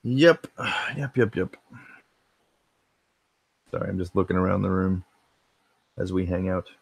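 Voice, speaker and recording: Laid-back low-voiced American man. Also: unhurried, vocal fry, slightly rough, dry recording. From United States. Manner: laid-back and rambling, swears freely, answers chat. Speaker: host of a retro gaming livestream. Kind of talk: casual livestream chat. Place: home game room.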